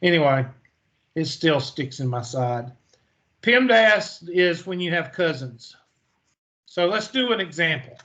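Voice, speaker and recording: A man's voice: a little high, lively intonation, measured pace, long pauses, fairly bright tone, lo-fi sound. A man teaching a math lecture in a folksy manner, asking the class questions and answering them himself. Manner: folksy, storytelling, asks and answers own questions. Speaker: math instructor.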